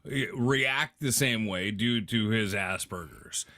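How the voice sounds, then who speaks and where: A man joining a podcast chat, explaining things haltingly and cursing casually. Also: fairly low pitch, pushed and bright, no room sound, clean studio sound. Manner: halting, profane, explains with hesitations.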